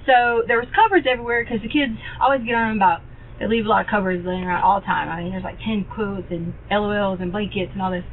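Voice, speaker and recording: A woman talking in a recorded police interview, rambling and halting with many fillers and restarts. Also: mid-range voice. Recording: tinny phone-like archive audio with faint hiss.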